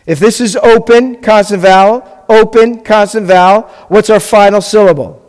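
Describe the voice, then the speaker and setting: In a large hall, a man with a high-pitched, darkish voice speaks at normal speed. He is a rabbi leading a live Hebrew class in a classroom or hall, explaining things patiently and frequently checking on his students.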